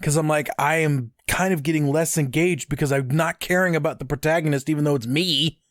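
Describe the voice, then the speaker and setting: Man, podcast co-host, fairly high voice, dry close mic, rambling casual chat. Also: brisk, dry recording. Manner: rambling, animated, with filler words and restarts.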